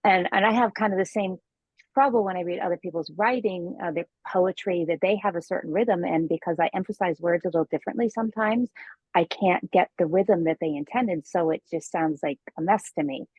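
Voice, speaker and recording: A woman's voice: fairly low pitch, a little mellow, breathy edge, dry recording. Hesitant woman on a dull, dry line. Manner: hesitant, with many ums and pauses. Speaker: participant asking a question. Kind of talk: casual group chat on a video call.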